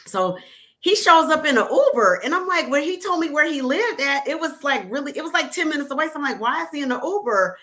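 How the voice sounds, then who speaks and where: A woman guest spins dating stories in a casual chat. Her voice is bright and a touch high, and her delivery is animated and unfiltered, with laughter close to the surface. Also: quick pace. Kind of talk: casual storytelling.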